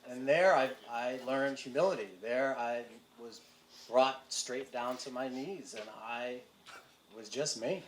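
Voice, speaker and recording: Man sharing his recovery story in a roomy hall. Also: mid-range voice. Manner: halting, candid, with fillers and self-deprecating humor. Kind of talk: personal testimony to a live audience. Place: community event hall with audience. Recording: roomy hall with faint room noise.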